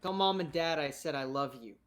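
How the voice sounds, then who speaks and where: A woman playing a bitter young prisoner in a tabletop game, blunt and sarcastic, cursing freely. Her voice sits low and flat with contempt. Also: a little fast, lightly acted. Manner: sarcastic, swearing, curt.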